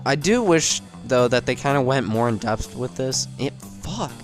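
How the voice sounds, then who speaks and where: A man's voice: medium pitch, normal speed, over music. A man giving casual game commentary, rambling and joking with plenty of swearing. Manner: rambling, jokey and profane. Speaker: game video essayist.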